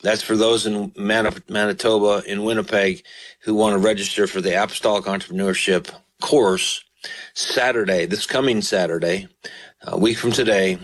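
A man's voice: sits low, rough recording. A man hosting a radio sermon with a call-in segment, speaking earnestly and pleading with his listeners at a studio microphone. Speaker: radio preacher and host.

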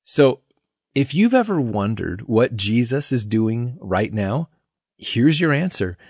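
A man's voice: mid-range voice, very animated, slow pace, darkish tone, breathy edge, dry recording. Earnest male Bible teacher, dry sound. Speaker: podcast host and Bible teacher. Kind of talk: scripted devotional teaching.

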